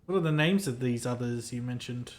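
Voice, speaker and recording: A man's voice: medium pitch, a little fast, natural voice. A man voicing a male special agent investigating murders in a game, asking plain, direct questions.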